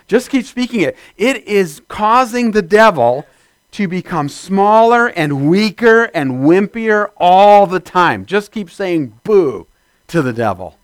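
A man preaching a sermon, building from steady teaching to loud shouted amens. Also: sits high, slow, no room sound. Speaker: pastor.

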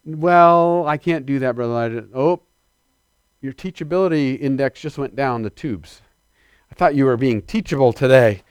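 A middle-aged man preaching a sermon with lively calls to his congregation. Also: fairly high pitch, moderate pace, pauses often, clear, resonant tone, no echo, clean studio sound.

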